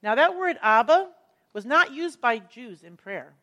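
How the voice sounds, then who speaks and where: A woman's voice: high voice, animated, a bit bright, highs cut off. Earnest woman teaching from the Bible. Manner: earnest, emphatic, explains verse by verse with slow stresses.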